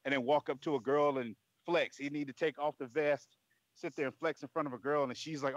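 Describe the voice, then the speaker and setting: Animated man, dull dry recording. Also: mid-range voice, brisk, no room sound. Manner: animated storytelling, acting out cocky lines. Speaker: podcast co-host. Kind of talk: casual wrestling chat.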